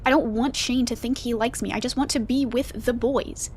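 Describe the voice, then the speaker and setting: Woman doing a young unsure girl, kinda high voice, hesitant, light hiss. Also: fairly even intonation, moderate pace, a little mellow, natural voice. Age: young adult. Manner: hesitant, self-doubting.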